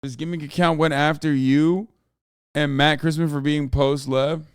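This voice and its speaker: A man's voice: a little high, fairly even intonation, normal speed, clean tone, no room sound, studio quality. An American man hosting a livestream, riffing sarcastically with lots of swearing. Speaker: streamer. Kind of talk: casual livestream commentary.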